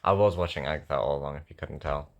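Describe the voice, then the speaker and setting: A young man with a low voice and a sore throat talks to himself while he writes a song at home. He rambles, thinks aloud and mocks himself. A faint hiss sits under the recording. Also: very fast, creaky, lo-fi sound. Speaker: songwriter. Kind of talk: casual chat while writing a song.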